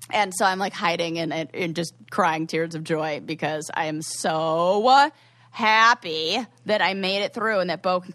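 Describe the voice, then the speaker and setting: A woman's voice: medium pitch, sharp tone, no room sound. A woman co-hosting a podcast, telling a story in a rambling, casual way full of "like.". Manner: rambling, heavy use of "like". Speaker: podcast co-host.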